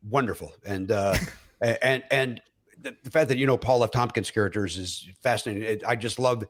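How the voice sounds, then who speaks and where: A middle-aged man, a comedian guest, telling stories in an animated way and acting out other people's voices. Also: lowish voice, brisk. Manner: acts out other people's voices, with many fillers and laughs. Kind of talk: animated comic storytelling.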